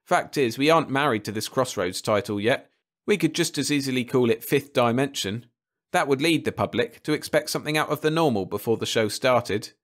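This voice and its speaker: A man's voice: medium pitch, brisk, fairly bright tone, lightly acted. A man voicing a brash, blunt middle-aged television man. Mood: musing. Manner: breezy and blunt.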